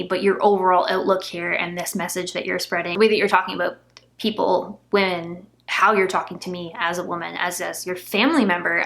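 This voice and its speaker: A woman's voice: lowish voice, fairly bright tone. A young woman vlogger candidly recounting a painful family argument, emotional and close to tears at times. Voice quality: gravelly fry. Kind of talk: candid personal vlog storytelling.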